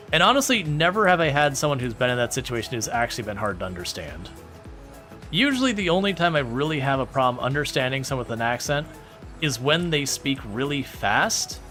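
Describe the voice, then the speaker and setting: A man's voice: medium pitch, bright, forceful tone. A man streaming a farming game, chatting casually and rambling as he answers viewer questions. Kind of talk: casual livestream chat while playing a farming game.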